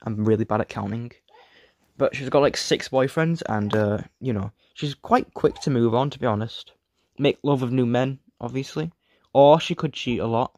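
Sounding bored and hoarse from a sore throat, a man reads his review script flatly, frequently stumbling, trailing off partway through sentences, and restarting. He's a video reviewer with a close, very dry, mid-pitched voice, a moderate pace, and no room sound.

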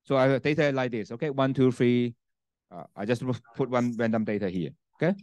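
A man's voice: medium pitch, a little fast, a little mellow, no echo. Man lecturing, peppered with "okay?". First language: Cantonese. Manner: frequent "okay?" and "right?" checks, restarts. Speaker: university lecturer. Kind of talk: classroom lecture with software demo. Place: university classroom. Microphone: handheld mic, sometimes set down.

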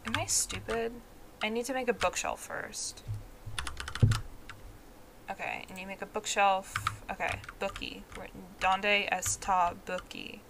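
A woman's voice: medium pitch, steady tone, unhurried, background noise. A woman streaming a video game, chatting casually in a playful, goofy, self-mocking way. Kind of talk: casual gaming chat.

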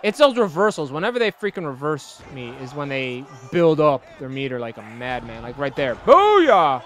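A young man hosting a gaming video, giving excitable, jokey let's-play commentary and laughing often. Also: mid-range voice, normal speed. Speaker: gaming channel host.

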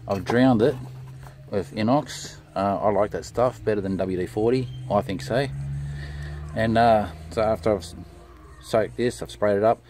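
Low-voiced man talking through a car repair. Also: slight background noise, low-quality recording. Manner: relaxed, step-by-step, frequent "uh" fillers. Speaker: DIY car mechanic. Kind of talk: casual how-to commentary.

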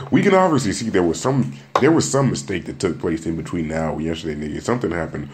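Racing along with few pauses, a young man rambles through his own podcast in a low, expressive, slightly mellow voice, with a faint hiss or hum behind him. It's a casual solo monologue full of jokes, repeated words and restarted sentences.

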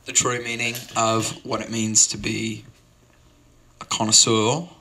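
This man's voice sits on the low side, with a sharp tone, little pitch movement and an unhurried pace, and there is slight background noise. Mock-earnestly, he rambles through an absurd open-mic story, straying down one tangent after another as an improvised comic monologue. He signs off clumsily, leaning on fillers.

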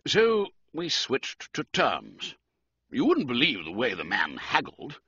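A man's voice: medium pitch, wildly swooping pitch, slow pace, sharp tone, slightly rough, dull audio. A man narrating a comic story theatrically, voicing every character. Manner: theatrical, swooping, playing all characters. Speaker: audiobook narrator.

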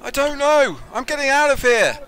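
Man doing frightened townsperson, panicked shouting, high and loud. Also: big pitch swings, moderate pace, faint music behind, full character voice.

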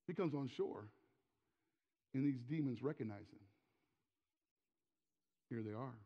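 A pastor in his forties preaching a sermon in a church sanctuary, emphatic and given to repeating words, often dropping to a quiet, intimate tone. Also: medium pitch, measured pace, slightly rough. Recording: long hall reverb, dull lo-fi sound.

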